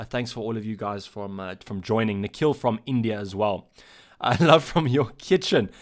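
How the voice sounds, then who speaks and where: A South African man hosts a relaxed live stream from his own channel. He reads viewers' chat messages aloud and answers each in turn. His delivery is loose and halting, at an ordinary mid pitch for a man.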